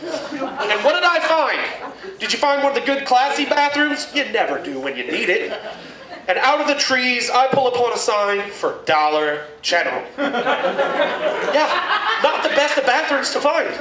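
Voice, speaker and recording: A man performing a crude, animated stand-up comedy set in a packed club. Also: very high-pitched, measured pace, recorded from a distance, noisy background. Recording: echoey room mic'd from afar, loud crowd laughter.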